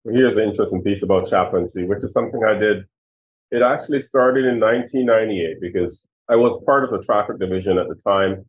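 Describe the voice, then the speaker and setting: A man's voice: on the low side, quick pace. A man in his sixties, originally from Jamaica, a retired police chief earnestly telling personal stories in an interview. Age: 60s. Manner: earnest, emphatic storyteller. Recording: tinny phone-like audio.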